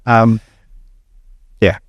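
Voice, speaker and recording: A man's voice: mid-range voice, dry recording, clean studio sound. An Australian man co-hosting a podcast, chatting casually, laughing often and swearing as he tells stories. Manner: laughing, swearing, animated storytelling. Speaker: podcast co-host. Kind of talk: casual chat.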